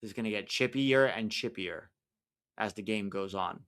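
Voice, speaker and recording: Male stream host, casual and opinionated, reacts loudly to the play. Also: fairly low pitch, normal speed. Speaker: livestream watch-along host. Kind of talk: casual live match commentary.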